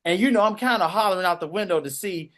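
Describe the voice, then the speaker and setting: Animated man. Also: high voice, fast talker. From Washington, DC. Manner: animated, acts out voices and shouts. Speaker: podcast co-host. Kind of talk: casual storytelling.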